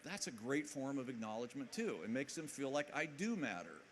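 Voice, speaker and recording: A man with a middle-pitched voice gives an energetic motivational talk at a conference, joking and checking in with the crowd. A faint hiss sits under his voice. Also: a little fast. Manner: energetic, jokey, keeps asking the audience questions. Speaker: conference speaker. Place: conference hall with live audience.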